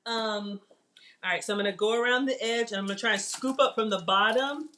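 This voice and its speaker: A woman's voice: on the high side, quick pace, bright, forceful tone, a little hiss or hum. A woman hosting a casual live cooking stream from her home kitchen, chatting animatedly with viewers. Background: cutlery and dish clatter.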